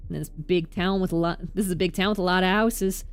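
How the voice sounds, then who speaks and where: A woman voicing a gruff, evasive male street thug in an attempted New York accent, read aloud from a game. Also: lowish voice, steady tone, fast talker, soft background music, close to an everyday voice. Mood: stubborn.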